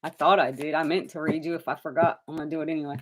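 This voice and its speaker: A woman's voice: deep voice, fairly even intonation, rapid-fire, slight background noise. A woman giving live tarot readings to viewers, chatty and direct, addressing them by name and calling them honey. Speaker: tarot reader.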